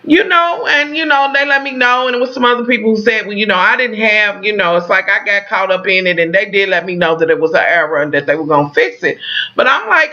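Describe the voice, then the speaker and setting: A woman vlogger rants to her viewers in a loose, animated, profane ramble. Her voice is bright and sharp. The recording sounds dull and lo-fi. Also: a little high, fairly quick. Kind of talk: casual vlog rant to viewers.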